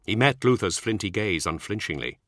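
A man narrating an audiobook in a steady, expressive scripted reading. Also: lowish voice, fairly quick, no room sound, clean studio sound.

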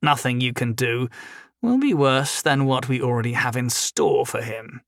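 A creepy, pale elf, put on by a male narrator, speaking slowly and softly with a quiet menace. The voice sits at a middle pitch and sounds dry and close. It is a storybook reading. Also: no echo, lightly acted. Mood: menacing. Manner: slow, soft, creepy.

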